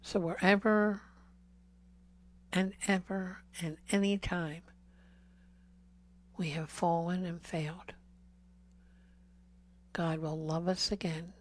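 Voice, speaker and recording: Woman, earnest lay preacher, slow measured delivery, low flat voice, whispered emphasis. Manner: slow and earnest, drops to whispers on key words; pleading repeated questions. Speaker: speaker at a healing service. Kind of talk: Catholic talk to a congregation.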